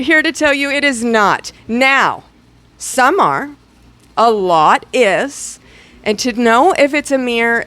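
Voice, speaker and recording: A woman giving a casual, animated spiritual teaching to her students, with chatty, playful asides. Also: a little high.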